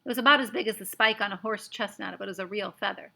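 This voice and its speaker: A woman reading a children's book aloud with expressive, lively narration. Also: mid-range voice, quick pace, gravelly. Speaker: storyteller.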